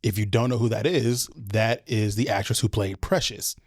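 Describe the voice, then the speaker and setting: A man's voice: on the low side, steady tone, moderate pace, no room sound, studio quality. A young man hosting a podcast, chatting casually and profanely while reacting to game clips, laughing often. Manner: laid-back, profane, laughs easily. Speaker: podcast host.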